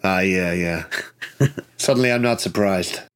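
A man's voice: deep voice, unhurried, smooth. A man playing a laid-back 1940s ladies' man detective in a tabletop game, easygoing and drawling. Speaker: player.

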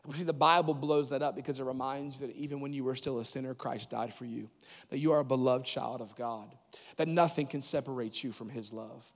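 A man preaching a sermon at a church service, animated, with loud emphatic peaks and quick asides. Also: mid-range voice. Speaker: pastor. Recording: long reverb of a large hall.

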